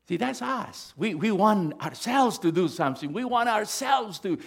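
A middle-aged male pastor delivers a sermon with a somewhat high, rough, gravelly voice. His pitch leaps around constantly, and his delivery swings between emphatic loud bursts and quiet, hushed lines. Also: lively intonation, normal speed, hardly any pauses.

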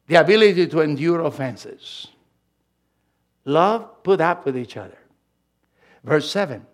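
A man preaching a sermon as pastor, swinging from quiet asides to loud, emphatic lines. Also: fairly high pitch, lively intonation, measured pace, long pauses.

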